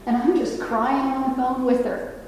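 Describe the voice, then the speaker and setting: A woman's voice: sits high, little pitch movement, normal speed, darkish tone, a little hiss or hum. A woman over sixty-five, a nurse, giving an earnest public talk to an audience and turning to the room with asides and questions. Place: library meeting room. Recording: echoey hall, mic from a distance.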